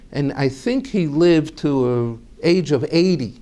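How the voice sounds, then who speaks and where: A man's voice: medium pitch, expressive, unhurried, mellow. A man telling a family story aloud, animatedly acting out each character's voice.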